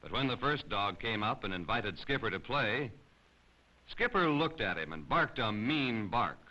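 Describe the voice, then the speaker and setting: A man narrating a children's storybook in an expressive, animated way. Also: medium pitch, a little slow. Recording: slightly dull lo-fi recording.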